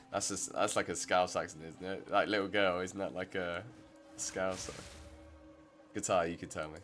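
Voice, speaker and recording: A man streams a game and offers casual, chatty commentary, rambling and cutting himself off as he goes. His voice sits low but has a fairly bright tone.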